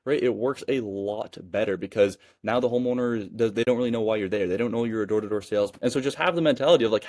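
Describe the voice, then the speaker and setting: A man's voice: lowish voice, darkish tone, dry recording, studio quality. Chatty young guy coaching on sales. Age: 20s. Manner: keeps adding "right?", fast and chatty. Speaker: sales coach and business owner. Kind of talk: casual teaching monologue.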